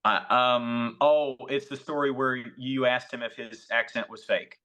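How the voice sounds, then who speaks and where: Podcast host, man, mid-pitched, keeps chiming in with agreement. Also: steady tone, unhurried, pushed and bright. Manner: affirming, interjects often. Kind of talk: casual chat.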